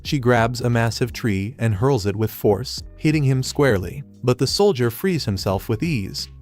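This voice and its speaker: A man narrating an anime story recap in a steady, even third-person retelling. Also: medium pitch, moderate pace, soft background music.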